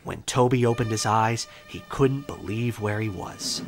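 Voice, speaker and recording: A man narrating a children's railway story in an expressive storybook style, over background music. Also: on the low side, a little slow, hardly any pauses.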